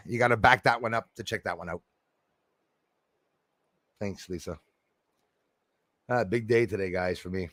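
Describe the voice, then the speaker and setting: A man's voice: lowish voice, moderate pace, long pauses, a bit bright, no room sound, studio quality. A man chatting casually on his livestream, laughing often and reading out viewer names. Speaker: livestream host.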